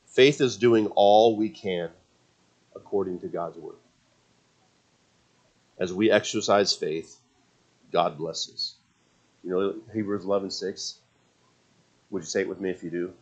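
Preaching a sermon, this man tells the story with real animation, voicing the characters' words and repeating or restarting phrases as his excitement builds. His voice is deep and a little slow, and he pauses often.

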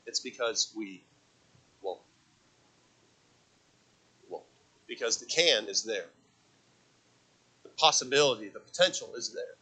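A man preaching a sermon as pastor, repeating phrases for emphasis and swinging between loud emphatic peaks and hushed low passages. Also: expressive, measured pace, long pauses, husky. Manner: repeats phrases for emphasis, asks the congregation for amens.

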